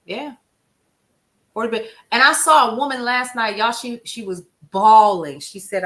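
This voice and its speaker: Female stream host, bright tone, casual, talks straight to the chat. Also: medium pitch, normal speed. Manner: emphatic, conversational, addresses viewers as "y'all". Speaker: livestream news show host. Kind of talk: casual livestream chat, answering viewer comments.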